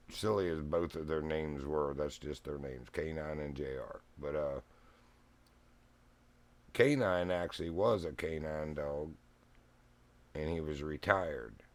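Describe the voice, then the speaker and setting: Speaking into a streaming mic from his living room, a middle-aged streamer spins a rambling, folksy story and laughs often. His voice rumbles low, slow and broken by long pauses.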